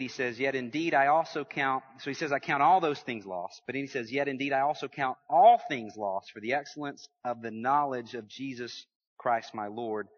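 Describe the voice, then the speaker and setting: A man preaching a sermon, lively and humorous, calling out to his congregation. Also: mid-range voice, in a large hall, lo-fi sound. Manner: lively preaching with humor and audience call-outs. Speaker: pastor.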